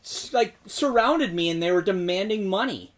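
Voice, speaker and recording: A man's voice: sits high, expressive, moderate pace. A man in a band's podcast, chatting casually about a trip with a wry, self-deprecating manner. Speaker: band member on a podcast. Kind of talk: casual chat.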